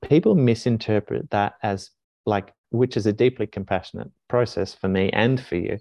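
An Australian heart coach in his forties explains ideas in an earnest, reflective, conversational teaching style, restarting his sentences frequently. His voice is on the low side and warm at a normal speed, in a dull, dry podcast recording with no room sound.

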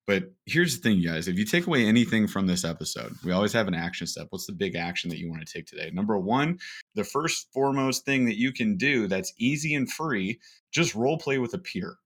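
Low-voiced energetic male podcast co-host. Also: brisk. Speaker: podcast co-host, sales coach. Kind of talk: casual podcast chat.

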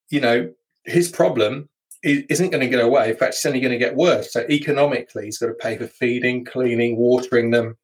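A man hosting a solo podcast, talking in a relaxed, chatty way with fillers and restarts. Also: mid-range voice, poor audio. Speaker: podcast host. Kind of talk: casual solo podcast talk.

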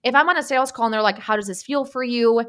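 A woman who is a marketing coach and podcast guest, talking casually and telling stories animatedly, acting out what people said. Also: on the high side. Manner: animated, quick storytelling with acted-out quotes.

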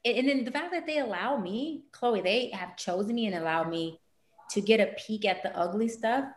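A woman appears as a life coach on a podcast interview, animatedly acting out talks with her clients in big vocal leaps. Her mid-range voice moves at a moderate pace in an echoey room.

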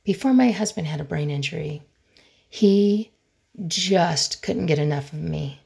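A middle-aged woman hosting a solo podcast as a conflict resolution expert, speaking in an earnest, emphatic way with dramatic pauses. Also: sits low, animated, gravelly, a little mellow, slightly rough.

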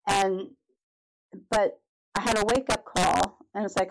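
A woman's voice: medium pitch, fairly even intonation, normal speed, vocal fry, slight background noise, low-quality recording. Earnest middle-aged woman telling her story. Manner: earnest, candid, restarts often. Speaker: guest. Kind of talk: personal storytelling in a podcast interview.

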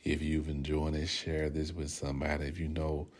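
A man's voice: extremely low pitch, monotone, normal speed, darkish tone. A middle-aged man hosting a sermon-style podcast, emphatic, who often asks "right?" and leads his listeners in repeated affirmations. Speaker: podcast host and preacher.

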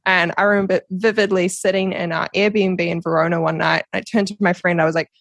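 A young woman with a New Zealand accent, a podcast guest telling her story in a casual, animated way with frequent laughs. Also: on the low side, a little fast, no echo. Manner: animated, laughs often, acts out quoted voices.

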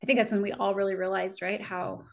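A woman guest who works as a neonatal nurse, speaking earnestly in relaxed conversation, often restarting her phrases. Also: medium pitch, quick pace, vocal fry. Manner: earnest, with frequent restarts and small laughs. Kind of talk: casual reflective conversation.

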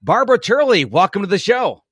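A man's voice: high voice, very animated, brisk, fairly bright tone, breathy edge, no room sound. A man hosting a podcast interview, talking in an enthusiastic, rambling way with fillers. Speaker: podcast host. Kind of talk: casual interview chat.

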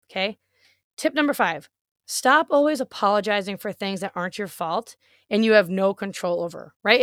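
A woman's voice: mid-range voice, a bit bright, dry recording, studio quality. A woman in her late thirties hosting a solo podcast, chatty and upbeat, often checking in with "right?". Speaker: podcast host and fitness coach. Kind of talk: casual solo podcast talk.

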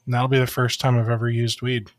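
Fast-talking and jokey, the Ohio podcast host keeps things animated and laughs often during casual conversation. His mid-range voice comes through on a dry recording.

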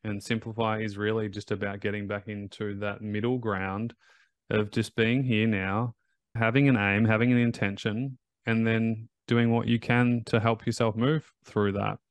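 A man's voice: fairly low pitch, flat delivery, normal speed, smooth, no echo. A man hosting a podcast as a recovery coach, talking in an emphatic, motivational way and repeating his key phrases.

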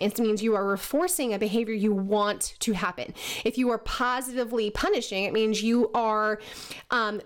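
A woman talking casually to camera as a coach, explaining with lots of fillers and "right?" tags, while she has the hiccups. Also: mid-range voice.

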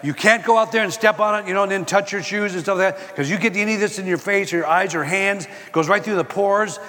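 A man's voice: high-pitched, quick pace. Older man preaching in a reverberant hall. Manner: animated storytelling, quoting scripture and acting out exchanges. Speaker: Christian speaker. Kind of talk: sermon-style personal talk.

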